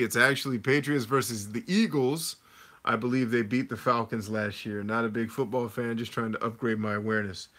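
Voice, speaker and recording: A man in his thirties talks through a casual livestream, reading viewer comments and answering them in an easygoing, conversational way. His voice sits a little low but has a bright, forceful edge. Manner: conversational, reads chat comments aloud and answers. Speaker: livestream host answering chat.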